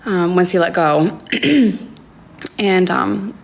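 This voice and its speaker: A young woman telling a personal story on a livestream from home, talking in a halting, hesitant way with many fillers and sometimes dropping to a near whisper. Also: fairly low pitch, gravelly. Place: home, indoors. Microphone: phone livestream.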